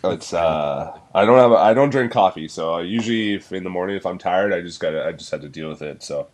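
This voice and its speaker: Young guy hosting a podcast, real low voice, loose rambly chat. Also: a little fast, a little hiss or hum. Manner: relaxed, rambling with fillers and laughs. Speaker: podcast host.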